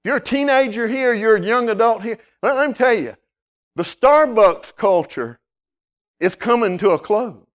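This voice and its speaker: A man preaching a sermon, emphatic, swinging from loud declarations to hushed appeals and often repeating words as he starts a phrase. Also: high voice, animated, moderate pace. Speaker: pastor.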